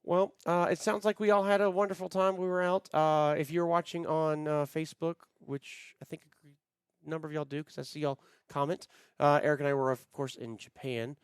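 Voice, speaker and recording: Man, middle-aged, podcast co-host, casual rambling chat, clear voice, dry close sound. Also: on the high side, flat delivery, brisk, dry recording. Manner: rambling, frequent fillers, friendly storytelling.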